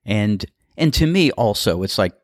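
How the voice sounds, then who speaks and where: A man's voice: on the low side, moderate pace, no room sound, studio quality. A man working as a golf course starter, telling a story in a casual monologue and acting out the voices of the people in it. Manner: animated storyteller who acts out others' voices.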